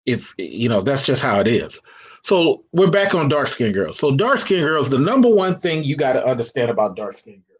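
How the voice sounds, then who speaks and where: A man's voice: medium pitch, big pitch swings, normal speed, slightly rough. A man hosting a live call-in show, giving blunt, preachy dating advice in casual slang and reading out chat comments. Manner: casual slang, frequent restarts.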